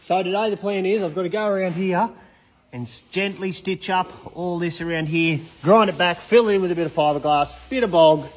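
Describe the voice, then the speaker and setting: A man's voice: sits high, brisk. A man with an Australian accent, casually chatting upbeat to his viewers while working on a car in a panel repair workshop. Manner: upbeat, chatty, laid-back slang, yells playful calls. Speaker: vlogger. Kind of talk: casual chat.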